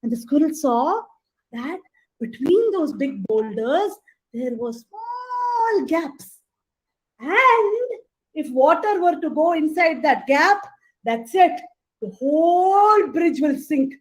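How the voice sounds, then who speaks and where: A woman telling a folk story in a lively, chatty way with asides to her listeners. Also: high-pitched, a little slow, low-quality recording. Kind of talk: animated oral storytelling.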